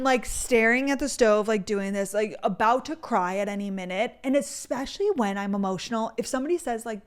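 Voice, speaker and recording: A woman in her twenties hosting a casual solo podcast, talking fast and loose with lots of "like" and the odd swear word. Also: on the high side, smooth. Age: 20s. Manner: chatty, fillers of "like", casual swearing. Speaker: podcast host.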